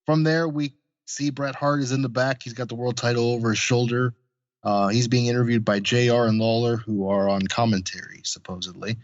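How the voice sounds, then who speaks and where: A man's voice: mid-range voice, steady tone, a little fast, no echo, highs cut off. A man co-hosting a podcast, recapping in a laid-back, chuckling way. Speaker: podcast co-host. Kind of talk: casual chat.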